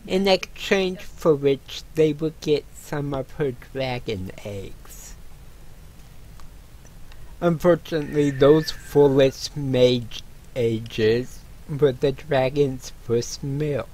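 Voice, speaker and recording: A man voicing the rueful ghost of a fallen noble warrior, speaking in an earnest, halting way. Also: mid-range voice, darkish tone, rough recording.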